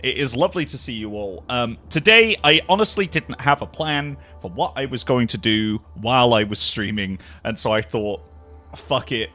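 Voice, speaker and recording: A man chatting casually with his livestream viewers, jet-lagged, animated, swearing freely and laughing often. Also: mid-range voice, moderate pace, faint music behind. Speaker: live streamer.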